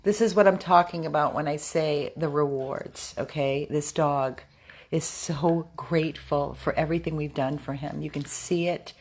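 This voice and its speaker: A woman at a dog rescue talking casually to the camera about a rescued dog, switching into high baby-talk when she speaks to him. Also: fairly even intonation, moderate pace, a little mellow, slightly rough. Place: indoor rescue room.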